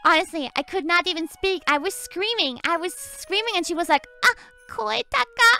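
A young woman streamer telling a story in casual chat, excitable and giggly, often repeating her words. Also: very high-pitched, a little fast, faint music behind.

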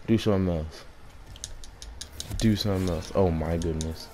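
A man with a fairly low, mellow voice gives casual gameplay commentary, exclaiming often and calling out at the monster he fights. A faint hiss of noise sits under the recording. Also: moderate pace. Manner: excitable, talks to the monster, frequent exclamations. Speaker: gaming streamer.

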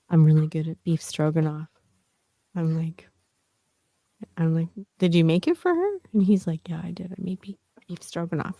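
Rambling, storytelling woman with a dark voice. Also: mid-range voice, no room sound. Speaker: podcast co-host. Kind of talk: casual chat.

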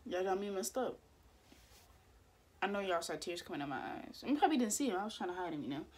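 A woman's voice: medium pitch, lively intonation, quick pace, a little hiss or hum. A young woman hosting a music video reaction, gushing with effusive exclamations.

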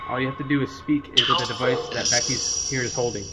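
A man's voice: medium pitch, fairly even intonation, quick pace, heavy background noise. A man on a ghost hunt outdoors, calling out to spirits and puzzling over a device. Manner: calls out to spirits, puzzled musing. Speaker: paranormal investigator host. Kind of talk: casual ghost-hunting chat.

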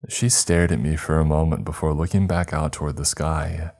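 A man narrating a horror story in a calm, measured scripted reading. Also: a bass voice. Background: faint music.

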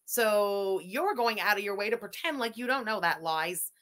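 A woman's voice: medium pitch, moderate pace, a bit bright. A woman hosting a livestream, giving blunt, sarcastic commentary and thanking viewers. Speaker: livestream host.

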